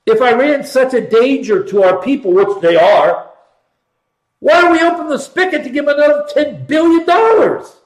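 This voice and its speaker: A man's voice: extremely high pitch, lively intonation, moderate pace, roomy sound, low-quality recording. A middle-aged man hosting a political commentary show, talking emphatically and sarcastically and repeating points for stress. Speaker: host.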